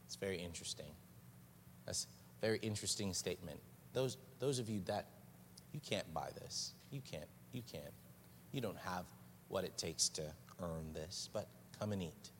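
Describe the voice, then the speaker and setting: A man preaching a sermon as pastor, earnest and unhurried, pausing and repeating phrases for weight. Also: sits low, lively intonation. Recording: distant voice with long hall reverb, faint noise.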